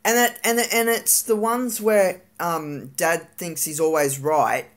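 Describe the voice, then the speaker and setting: A vlogger venting in a live-streamed rant, frustrated and swearing, with lots of halting fillers and restarts. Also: mid-range voice.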